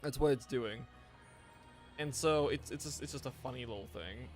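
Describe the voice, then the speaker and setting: A man's voice: mid-range voice, normal speed, faint music behind. Tired, rambling male game streamer. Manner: rambling, many restarts, chatting with viewers. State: tired, yawning. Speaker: gaming streamer. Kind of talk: casual live-stream chat.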